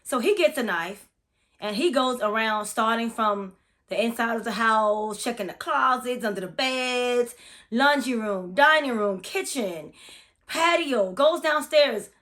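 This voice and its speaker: A woman's voice: on the high side, expressive, a little slow, fairly bright tone. A woman from Florida, a massage therapist, telling a spooky personal story in a chatty, profane, dramatic way in a casual vlog.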